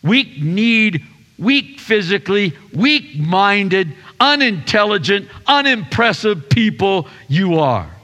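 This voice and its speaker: A man's voice: high-pitched, big pitch swings, slow pace, long reverb tail, heavily acted. A man playing an indignant, taunting ancient governor. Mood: contemptuous. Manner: loud, contemptuous taunting.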